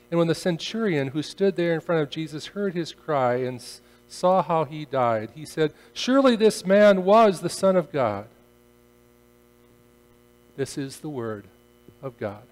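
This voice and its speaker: A male pastor preaching a solemn sermon and reading scripture, his voice swelling loudly on quoted cries. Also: fairly high pitch, big-room sound, rough recording. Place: church sanctuary.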